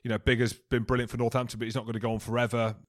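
Fast-talking bantering male host. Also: medium pitch, level tone. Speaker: podcast co-host. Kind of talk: casual podcast chat.

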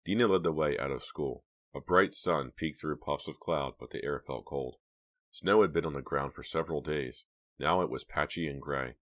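A man with an extremely deep voice reads an audiobook with steady, measured pacing. The delivery is calm and even. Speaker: audiobook narrator. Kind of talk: scripted audiobook narration.

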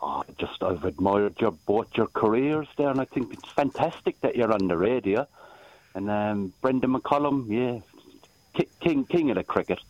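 A man's voice: fairly low pitch, animated, moderate pace, darkish tone, no echo. An Irish man calling in to a radio show, talking in a rambling, easygoing way. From Ireland. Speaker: radio caller. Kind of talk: casual phone chat. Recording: lo-fi phone line.

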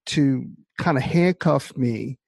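A middle-aged man hosting a conversation, speaking in a reflective, measured way with hesitant pauses. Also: medium pitch, creaky, a little mellow. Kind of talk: conversational interview.

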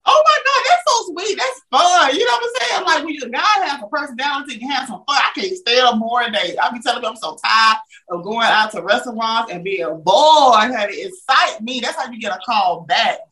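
A bubbly woman hosting an interview with a bright, sharp voice set a bit high. She's exclamatory and teasing, reacting loudly to her guest. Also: expressive, a little fast, hardly any pauses, poor audio. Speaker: interview host. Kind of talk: casual interview chat.

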